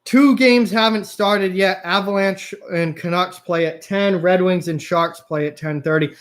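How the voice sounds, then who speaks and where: A man's voice: high voice, measured pace, hardly any pauses, a bit bright. A young man hosting a live hockey reaction stream, reading viewer comments aloud and talking frustratedly about his bad game predictions. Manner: chatty, reads and answers viewer comments, frustrated about picks.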